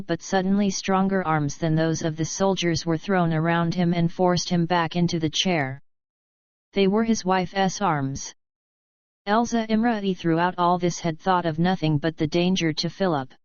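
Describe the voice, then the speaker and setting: A woman narrating an audiobook in a measured, even storytelling manner. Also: fairly low pitch, clear, resonant tone, no room sound. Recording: dull, dry recording.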